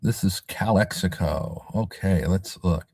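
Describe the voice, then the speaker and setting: Guy doing a chill livestream, kinda low voice, dry close sound, rambly and sarcastic. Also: unhurried, dark tone, slightly rough, no room sound. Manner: rambling, sarcastic asides, self-deprecating. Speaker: livestream host. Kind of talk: casual livestream chat.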